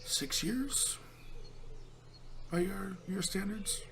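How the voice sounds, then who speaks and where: A man doing a hushed, ancient tree spirit. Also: vocal fry, a little hiss or hum, heavily acted. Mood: calm. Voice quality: soft, half-whispered and low. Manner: slow and calm. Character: huge gentle ancient male tree spirit.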